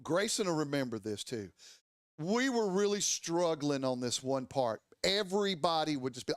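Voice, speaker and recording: Man, casual storytelling, profane, animated, acts out voices, fairly high voice, dry studio sound. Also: moderate pace, dry recording. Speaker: podcast storyteller. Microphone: studio mic.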